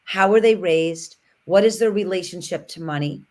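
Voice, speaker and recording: A woman's voice: lowish voice, normal speed. A woman on a casual podcast, speaking reflectively and building her points in long flowing lists.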